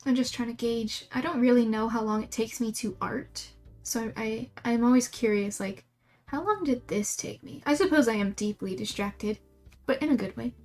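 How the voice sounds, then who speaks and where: A young woman with a slightly high voice chats loosely with her viewers while she draws. She rambles from topic to topic and laughs often, and faint music plays behind her. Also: moderate pace, a little mellow. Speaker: livestreamer drawing emotes. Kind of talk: casual chat while drawing.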